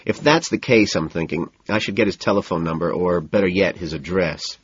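A man narrating a novel in the first person in a cool, measured, understated way. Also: sits low, slightly rough, no room sound, muffled recording. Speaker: audiobook narrator.

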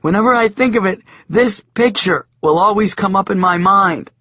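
A man voicing a flustered, squeamish young man who stammers out high exclamations. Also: moderate pace, sharp tone, dry recording. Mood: shocked. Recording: dull, lo-fi audiobook sound.

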